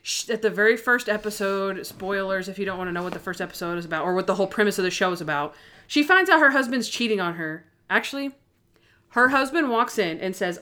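A woman's voice: mid-range voice, animated, fast talker, pushed and bright. Give me a young woman chatting casually, acting out scenes as she retells them. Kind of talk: casual chat.

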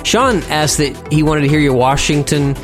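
A man's voice: on the high side, expressive, moderate pace, music in the background. A man hosting a church tech podcast, chatting and teasing his co-hosts in casual banter. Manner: joking, teasing. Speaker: podcast host.

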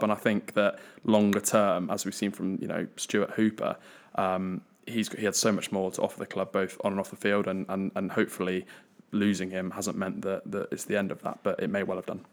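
A man's voice: low-pitched, flat delivery, a little fast. A young man co-hosting a casual podcast, talking earnestly with frequent false starts and repeated words. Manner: hesitant, many restarts, earnest. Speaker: podcast co-host.

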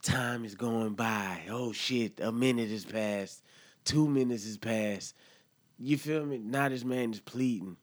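A man's voice: medium pitch, slow. A man hosting a solo podcast, talking in heated, profane slang straight to his listeners. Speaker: podcast host. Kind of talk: impassioned solo podcast commentary.

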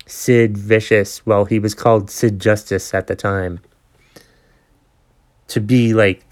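A man's voice: lowish voice, clear, resonant tone. A man in his forties hosting a podcast, telling a long story in a casual, ranting way with plenty of swearing and exasperation. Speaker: podcast host.

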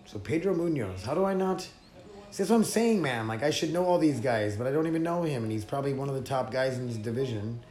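A man's voice: mid-range voice, animated, fast, darkish tone. Podcast host, man, loose and profane, casual chat, mid-range voice, roomy recording. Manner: loose, profane, rambling gamer talk. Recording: echoey room.

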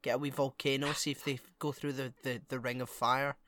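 A man chatting casually about a film, playful and jokey, asking questions in quick bursts. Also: mid-range voice, level tone, fairly bright tone, no echo.

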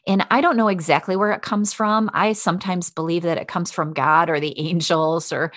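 A middle-aged woman and life coach who talks straight to the listener in a warm, encouraging way, as on a self-help podcast. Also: lowish voice, fairly even intonation, normal speed, dry recording, studio quality.

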